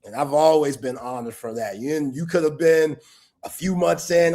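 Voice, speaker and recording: Warm and steady at normal speed, this slightly high male voice belongs to a sports talk show host chatting casually on a livestream. His talk is heartfelt and meandering, full of street slang.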